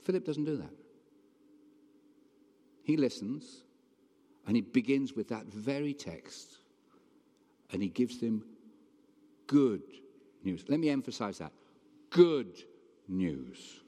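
A male preacher gives a sermon in an easy, conversational manner and keeps checking in with his listeners. His voice sits at a middle pitch. It carries through a church hall with a long reverb. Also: expressive, measured pace, pauses often, warm tone. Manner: conversational, emphatic, asks the congregation questions.

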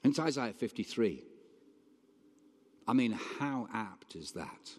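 Conversational preacher in a reverberant hall. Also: male voice, mid-range voice, expressive, slow pace, darkish tone. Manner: conversational, emphatic, asks the congregation questions. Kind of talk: sermon.

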